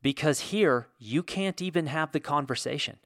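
A man's voice: fairly high pitch, animated, normal speed, fairly bright tone, no room sound, clean studio sound. A man from the United States hosting a vlog, giving an opinionated monologue in a ranting, sarcastic way with lots of fillers. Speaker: video host.

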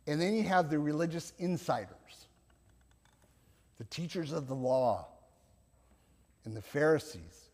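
A man delivers a Sunday sermon in a church, unhurried and reflective, sometimes laughing softly and restarting his sentences. His voice sits a little high and moves over a wide range. The sound carries the long reverb of a large hall. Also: lively intonation. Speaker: pastor.

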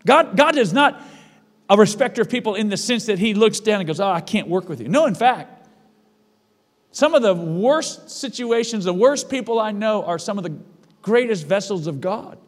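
A man's voice: sits high, animated, moderate pace, long reverb tail. A male pastor delivering a sermon in a church, emphatic and repeating his phrases for weight.

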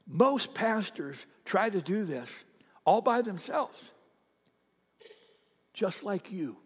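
A middle-aged man preaching a sermon as pastor, swinging from loud, emphatic declarations to hushed near-whispers and repeating lines for emphasis. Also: high-pitched, sing-song, slow pace, breathy edge. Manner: repeats lines for emphasis, speaks directly to the congregation. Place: large church sanctuary. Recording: church hall with long reverb.

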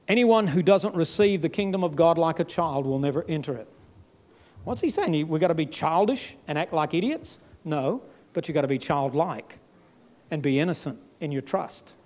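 A man delivering a sermon in a fairly high voice. He preaches with emphatic swings, leaping up in pitch and then dropping almost to a murmur. His delivery is dramatic and direct. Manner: emphatic, with sudden jumps and drops in pitch and loudness.

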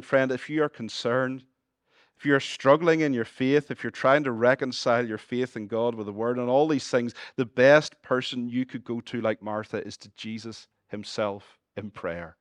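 A Northern Irish man delivers a sermon in a mid-pitched voice, his words caught close and dry with no room around them. He swings from brisk, jokey asides to soft, earnest appeals. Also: dry recording. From Northern Ireland. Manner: shifts between lively humorous asides and hushed earnest appeals. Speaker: pastor.

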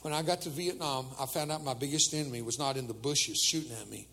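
A man's voice: medium pitch, fast, gravelly, bright, forceful tone, long reverb tail. An older man preaching a humorous sermon to teenagers, telling jokes and acting out the voices of people in his stories.

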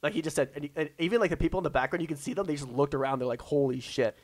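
A man's voice: fairly high pitch, very fast, no room sound. A man co-hosting a casual chat, rambling with many fillers and restarts as he retells events.

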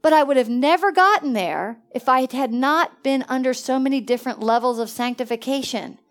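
A woman preaching in a lively storytelling way, jumping from excited bursts to hushed, quiet asides. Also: sits high, a little fast. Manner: animated, swings between excited exclamations and hushed asides. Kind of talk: storytelling sermon.

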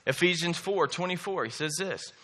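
Male preacher in his thirties, bright forceful voice a touch high, emphatic sermon delivery, repeats his key points. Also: animated, normal speed. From Southern US. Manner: emphatic, repeats key phrases and checks in with "okay?" and "right?".

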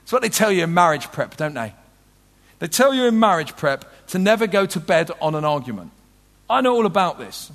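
A man preaching a sermon with passion, swinging from loud urgent peaks to soft low moments. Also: big pitch swings, brisk, big-room sound. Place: large tent.

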